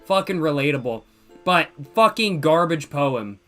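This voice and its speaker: A male gaming streamer riffing loudly and crudely while he plays. His voice is slightly high and very bright and forward. He swears freely and jokes through his commentary. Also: lively intonation, slow, faint music behind. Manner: loud, profane, joking. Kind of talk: casual let's-play commentary.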